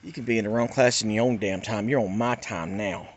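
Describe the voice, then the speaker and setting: A man voicing a stern, sharp-tongued female schoolteacher, slow and curt. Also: fairly low pitch, fairly even intonation, slight background noise, voice pushed down, natural voice. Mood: scolding.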